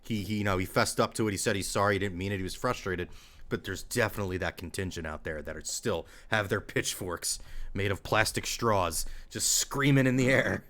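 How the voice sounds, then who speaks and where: A man co-hosting a casual sports chat livestream, wry and joking, moving between loud punchlines and low muttered asides. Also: a little fast. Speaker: podcast co-host.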